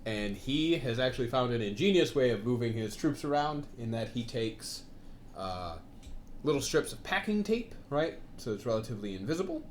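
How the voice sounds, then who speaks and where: A man's voice: mid-range voice, very animated, normal speed, a little hiss or hum. A man co-hosting a casual tabletop gaming chat, talking in rambling runs with lots of fillers and asides. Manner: rambling, many fillers and asides, laughs often. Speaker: co-host.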